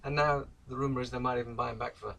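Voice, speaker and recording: A man's voice: medium pitch, fairly even intonation, racing, vocal fry, distant mic, a loud crowd. A man chatting casually about football as a co-host, with dry, teasing asides.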